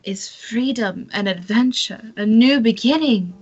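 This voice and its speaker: A woman voicing a theatrical female fortune-teller who reads cards in a drawn-out mystic manner. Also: a little high, darkish tone, breathy edge, highs cut off. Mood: mystical.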